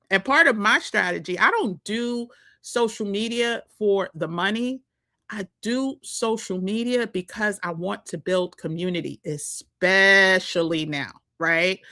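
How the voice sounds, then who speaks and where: A woman with a New York accent coaches viewers on social media in a chatty vlog, laughing often. Her voice is mid-range and a bit bright.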